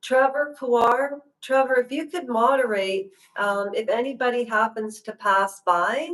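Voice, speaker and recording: A woman's voice: fairly high pitch, steady tone, a little slow, fairly bright tone, low-quality recording. A woman hosting a casual livestream, chatting to viewers in a rambling, direct way. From Canada. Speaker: livestream host.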